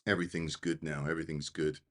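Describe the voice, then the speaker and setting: A very deep-voiced man speaks into a desk microphone on a live stream. He sounds a bit out of breath and flustered, joking at himself as he settles in to host. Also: flat delivery, fast, a bit bright. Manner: flustered and self-deprecating, laughing at tech trouble. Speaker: meditation host. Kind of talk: live-streamed casual talk.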